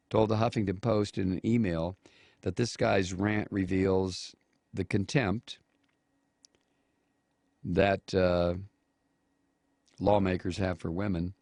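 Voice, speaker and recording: Gravelly, scornful male talk-radio host. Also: fairly low pitch, darkish tone, no echo, studio quality. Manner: scornful, name-calling, mocking quotes in a raised voice. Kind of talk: angry political commentary.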